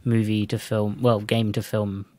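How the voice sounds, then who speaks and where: A man's voice: fairly low pitch, monotone, measured pace, dark tone, dry recording, clean studio sound. An English man co-hosting a podcast, chatting casually, rambling, restarting his sentences and laughing often. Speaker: podcast co-host. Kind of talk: casual chat.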